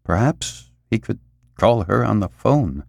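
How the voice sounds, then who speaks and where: Male audiobook narrator, measured, with dramatic pauses, very lively pitch, dry close recording. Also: creaky, no room sound. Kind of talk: scripted narration.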